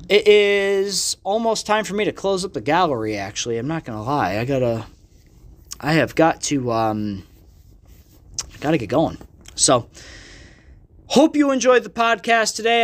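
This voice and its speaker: A young man with a fairly high, very animated voice, ranting with constant profanity on his solo podcast. His talk is loose, joking and self-deprecating, and it jumps around as he goes. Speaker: podcast host and magician. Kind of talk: casual solo podcast rant. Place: art gallery.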